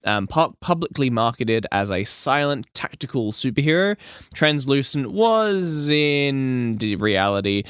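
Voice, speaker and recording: A man's voice: mid-range voice, very animated, measured pace, a bit bright, clean tone, dry recording, clean studio sound. A man hosting a podcast, explaining things in casual chat with lots of "um"s. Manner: explaining at length with many fillers. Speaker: podcast host.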